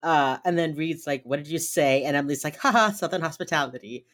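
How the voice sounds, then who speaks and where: A woman co-hosting a casual chat, retelling a TV episode with animated voices for the characters and frequent laughs. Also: deep voice, fairly quick. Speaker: podcast co-host recapping a TV episode.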